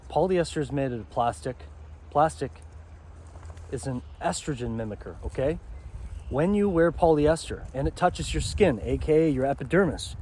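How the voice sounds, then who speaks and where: Rambling man vlogging outdoors, dark tone. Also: on the high side, moderate pace, slight background noise. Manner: rambling, asks "okay?" often. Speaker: self-help vlogger. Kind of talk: walking outdoor vlog monologue. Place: outdoors beside a pond.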